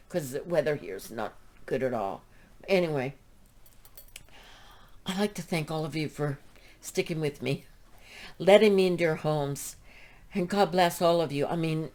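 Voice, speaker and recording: Woman, middle-aged, lower pitch, emotional, gushing, rambling, crochet podcast host. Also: a little mellow. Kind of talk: heartfelt thank-you talk to viewers.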